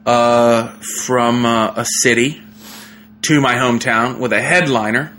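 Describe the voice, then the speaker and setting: A young man, a comedian, telling a story in a casual, animated way, with lots of fillers and laughter. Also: medium pitch, measured pace, a little hiss or hum. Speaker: comedian guest.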